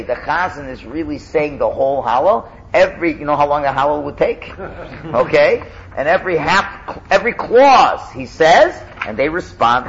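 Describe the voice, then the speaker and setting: A man teaching a casual class, lively and animated, chanting loudly when he demonstrates. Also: on the high side, highs cut off, slight background noise.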